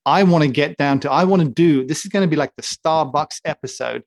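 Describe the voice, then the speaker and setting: A man's voice: fairly high pitch, a little fast, no room sound. A man on a casual talk show, ranting with comic indignation and heavy emphasis. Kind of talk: casual opinionated chat.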